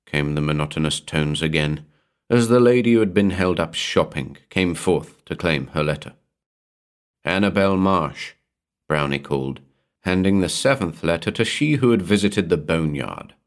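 A man reading a horror story aloud in a measured, atmospheric storytelling manner. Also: a bass voice. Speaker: narrator. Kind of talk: scripted horror narration.

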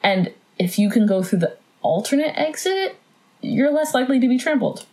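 A woman chatting casually as a podcast co-host. Her pitch leaps and swoops as she talks. She laughs often and acts out bits of dialogue in her retelling. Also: expressive, moderate pace, darkish tone, rough recording. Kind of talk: casual chat.

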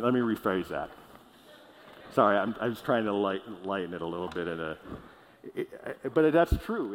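A man preaching a sermon as pastor, earnest and emphatic, slowing down to stress key words and sometimes restarting a phrase. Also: mid-range voice. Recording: long reverb of a large hall.

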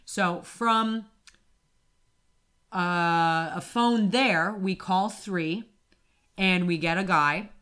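Exasperated, low-voiced woman telling a story. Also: very slow, long pauses, smooth. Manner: animated, exasperated, swears freely, restarts sentences. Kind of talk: casual conversational storytelling.

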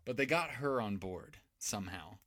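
A man's voice: on the low side, expressive, moderate pace, a bit bright. A man co-hosting a casual podcast, recapping a movie plot in a rambling, profane way. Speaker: podcast co-host.

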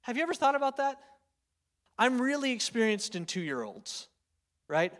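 A man's voice: extremely high pitch, sing-song, normal speed, a bit bright. A man in his thirties preaching a sermon in a chatty storytelling way, full of fillers and "right?" tag questions. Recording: long hall reverb.

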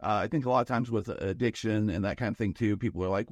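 A man's voice: fairly low pitch, fairly even intonation, fairly quick, few pauses, no echo, clean studio sound. A man co-hosting a podcast in casual chat, rambling and thinking aloud with many restarts. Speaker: podcast co-host.

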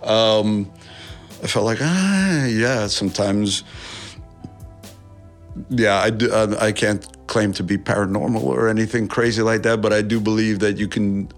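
A man from New York, a musician, talking in a casual interview, animated, swearing often and rambling with many restarts. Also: on the low side, a little slow, faint music behind. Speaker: musician guest.

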